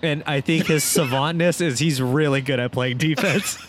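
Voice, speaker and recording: A man's voice: fairly high pitch, normal speed, slight background noise. A man co-hosting a casual sports chat, blunt and profane, often breaking into laughter. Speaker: podcast co-host.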